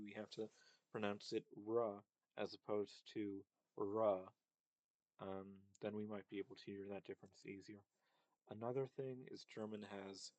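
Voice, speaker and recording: A man speaking slowly in a low, fairly flat voice, hesitating often with fillers. He explains sounds by saying them over and over in a casual lecture. The recording is dry and close. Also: no echo. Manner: hesitant, many fillers, repeats sounds to demonstrate. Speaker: linguistics presenter.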